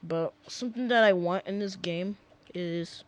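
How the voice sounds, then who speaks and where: Playing a game at home, a young man gives casual, rambling commentary, often getting sidetracked and using lots of fillers. His voice is high and a little slow, picked up by a desk mic.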